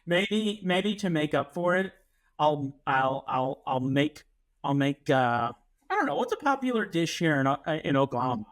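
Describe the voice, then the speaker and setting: A man's voice: fairly high pitch, very animated, normal speed, a bit bright. A man co-hosting a podcast, joking in casual chat. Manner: playful, joking. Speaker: podcast co-host.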